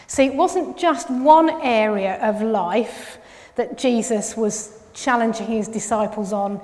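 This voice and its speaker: A woman's voice: a little high, darkish tone. Woman preaching in a reverberant hall. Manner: conversational with restarts, emphatic on key phrases. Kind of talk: sermon. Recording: long reverb of a large hall.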